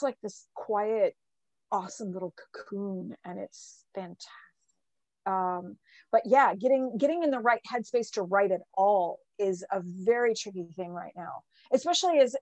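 Relaxed woman co-hosting a book talk, dry close sound, casual and chatty. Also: medium pitch, dry recording. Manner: relaxed, chatty, reads audience questions. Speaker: author and event co-host. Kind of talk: casual chat. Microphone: video call.

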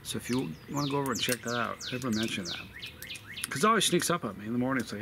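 A man's voice: mid-range voice, animated, racing, creaky, background noise. A man reviewing hot sauce outdoors, talking in a rambling, chatty way with lots of fillers. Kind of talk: casual outdoor video review. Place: outdoors in a desert backyard with birds.

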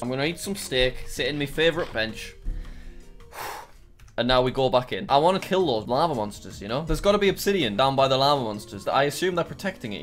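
British male gaming YouTuber, middle pitch, chatty and jumpy live commentary. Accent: British English. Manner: jittery self-talk, jumpy exclamations. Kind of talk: casual gameplay commentary.

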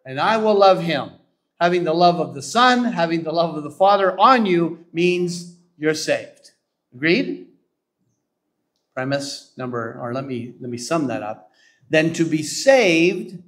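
A pastor from Canada delivers a sermon in a slightly high male voice. He works through his points with emphasis and keeps asking the listeners if they agree. He slows down deliberately when he quotes scripture. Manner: emphatic, asks the congregation to agree.

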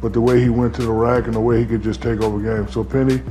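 A man's voice: medium pitch, level tone, quick pace, dark tone, soft background music. A man who played professional basketball tells a story in a casual interview, rambling and full of fillers. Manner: rambling, filler-heavy, laid-back. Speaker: former pro basketball player.

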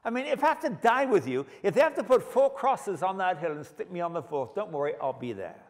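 A man's voice: mid-range voice, animated, brisk, darkish tone, lightly acted. A man playing the disciple Peter as an eager, overconfident, protesting man. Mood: boastful. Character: brash, boastful adult male disciple. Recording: long hall reverb.

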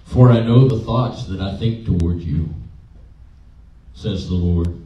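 Pastor preaching in a roomy church. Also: male voice, low voice, takes it slowly, warm tone. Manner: conversational, emotional storytelling with audience questions. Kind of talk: sermon. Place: church sanctuary. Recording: roomy, distant, dull church recording.

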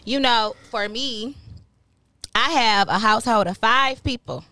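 A woman in her thirties co-hosting a podcast, talking bluntly and profanely with animated storytelling. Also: fairly high pitch, a little slow. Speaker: podcast co-host. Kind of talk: casual chat.

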